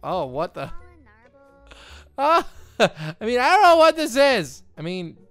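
A young man giving excitable, rambling let's-play commentary with frequent laughter. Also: very high voice, slow, soft background music. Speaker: gaming YouTuber.

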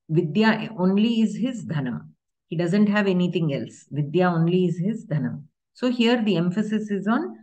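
A woman teaching Sanskrit grammar in an online class, explaining patiently step by step with examples. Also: lowish voice.

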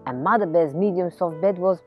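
A woman reading a story aloud for children outdoors in a garden, playful and animated. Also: lowish voice, a little fast, lo-fi sound, soft background music. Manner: animated and playful, chatting to a teddy. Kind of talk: read-aloud storytelling for kids.

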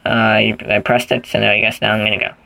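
Goofy guy rambling thru a game, low gravelly voice, kinda sharp, dry sound. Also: flat delivery, fast talker, no room sound, poor audio. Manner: rambling, goofy, thinks aloud while playing. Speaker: gaming channel host. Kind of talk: casual gameplay commentary.

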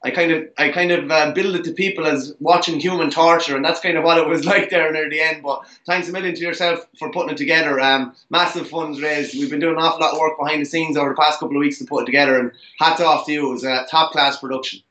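A man's voice: on the high side, steady tone, fast talker, hardly any pauses, sharp tone. Upbeat young Irish man, echoey room. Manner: upbeat, thankful, chatty. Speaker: co-host. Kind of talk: casual chat. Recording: roomy echo.

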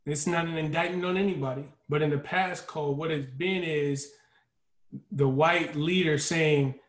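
A man's voice: fairly high pitch, steady tone, normal speed. A man giving an earnest talk as a guest speaker. He often acts out the voices he quotes and speeds up when stirred. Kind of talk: impassioned talk on a video call. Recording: echoey room.

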